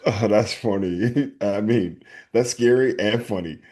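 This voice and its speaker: A man's voice: lowish voice, measured pace, darkish tone, breathy edge. A man co-hosting a podcast in an upbeat, easygoing casual chat, acting out both sides of scenes he describes. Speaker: podcast co-host.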